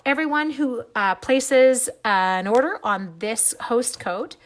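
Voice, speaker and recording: A woman from Canada runs a live craft demo, stamping cards, chatting, and thanking viewers by name as "my dears." Her voice is a little high and animated, her pace slow, with slight background noise present.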